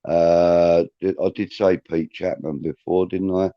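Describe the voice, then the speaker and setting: A man's voice: low voice, level tone, measured pace, no echo, lo-fi sound. A man hosting a live stream, upbeat as he reads viewer comments aloud. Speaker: co-host.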